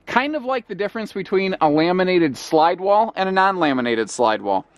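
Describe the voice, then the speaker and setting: A man's voice: high-pitched, animated, moderate pace. A man giving an explanatory walkthrough of an RV from inside it, talking casually with frequent restarts. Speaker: RV reviewer. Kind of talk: walkthrough demonstration.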